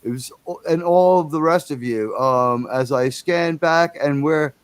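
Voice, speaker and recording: A man's voice: a little high, unhurried, smooth, no echo. A man hosting a casual livestream, rambling and chatty, with enthusiastic, profane asides. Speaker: livestream host.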